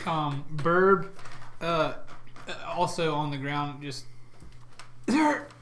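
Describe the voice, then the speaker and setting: A man's voice: a little high, steady tone, slow, a bit bright, a little hiss or hum. A man running a tabletop game as game master, describing the action in a loose, chatty way with plenty of fillers.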